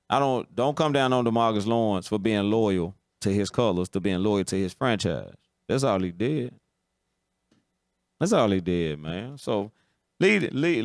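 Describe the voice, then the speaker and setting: A man's voice: lowish voice, dry recording, clean studio sound. A man hosting a live football talk stream, giving blunt opinions in casual commentary and often checking "you understand?".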